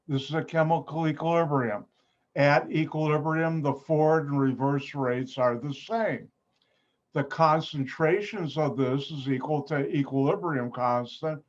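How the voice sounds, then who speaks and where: Playful Chicago chemistry teacher on a call. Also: male voice, unhurried. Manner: playful, jokey teacher with sudden high exclamations. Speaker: chemistry lab instructor. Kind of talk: online class lecture. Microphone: video call. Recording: slightly dull video call audio.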